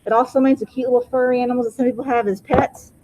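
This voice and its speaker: A woman's voice: fairly high pitch, fairly even intonation, very fast, warm tone, a little hiss or hum, poor audio. Woman teacher drilling vocabulary in class. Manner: drills pronunciation, asks class to repeat words. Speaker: high school English teacher.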